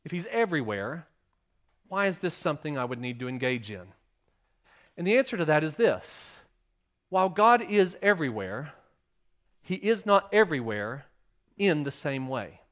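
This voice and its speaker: Man preaching with sweeping dynamics. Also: a little high. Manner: preaching with rhetorical questions to the congregation; swings between loud emphasis and quiet, hushed lines. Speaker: pastor. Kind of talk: sermon.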